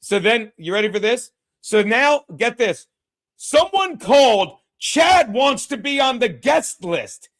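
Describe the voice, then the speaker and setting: A man's voice: very high-pitched, very animated, slow, fairly bright tone. A man hosting a casual chat show, telling stories in a profane, ranting way and acting out what people said. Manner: profane, ranting, acts out quotes. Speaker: podcast host.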